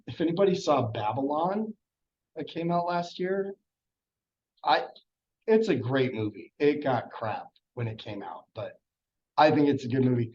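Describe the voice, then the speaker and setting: A middle-aged man lectures on history in a loose, chatty, enthusiastic way, at an ordinary pitch. The recording sounds dull and lo-fi, taken in a classroom. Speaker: history teacher.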